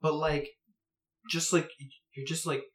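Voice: mid-range voice, level tone, unhurried, fairly bright tone, reverberant. A game master narrating a tabletop game in loose, rambling descriptions full of filler words.

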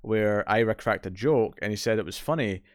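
A man co-hosting a casual podcast chat, retelling scenes in lively fashion, acting out voices and laughing often. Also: on the low side, moderate pace, no room sound, clean studio sound. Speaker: podcast co-host.

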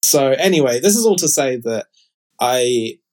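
A man's voice: medium pitch, animated, moderate pace, a little mellow. A man in casual podcast chat, rambling and full of fillers as he shares opinions. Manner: chatty, rambling, frequent fillers. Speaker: podcast co-host.

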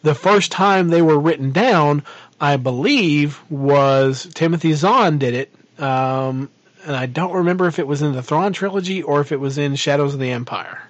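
Male podcast co-host and game master, rambling and full of restarts, a bit high-pitched, dry mic. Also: moderate pace, dry recording. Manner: rambling, many fillers and restarts. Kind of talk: casual podcast chat.

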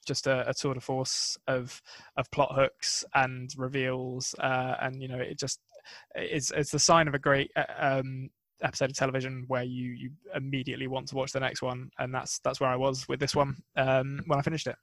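A man's voice: medium pitch, completely flat delivery, normal speed, vocal fry, fairly bright tone, dry recording. A man co-hosting a casual podcast, enthusiastic and rambling, often laughing. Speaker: podcast co-host. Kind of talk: casual chat.

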